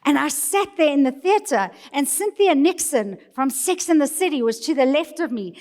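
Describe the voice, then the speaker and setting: A middle-aged woman with a South African accent, telling a personal story to a live audience in an animated, playful way. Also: high-pitched. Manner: animated, playful, quotes people in put-on voices. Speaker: speaker. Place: large hall. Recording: long reverb of a large hall.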